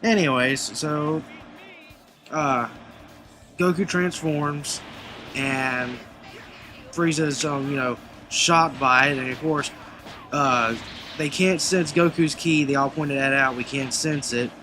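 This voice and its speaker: A man's voice: a little high, takes it slowly, long pauses, music in the background. A man casually recapping anime episodes in a rambling way, full of fillers and restarts. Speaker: anime reviewer.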